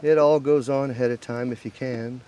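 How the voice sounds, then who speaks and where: A man with a chest cold, out of breath, chatting slowly to himself as he works outdoors at his beehives. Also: mid-range voice, fairly even intonation, warm tone, highs cut off, slight background noise. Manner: slow, chatty, talks to himself while working. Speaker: beekeeper. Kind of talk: outdoor how-to vlog. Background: buzzing bees.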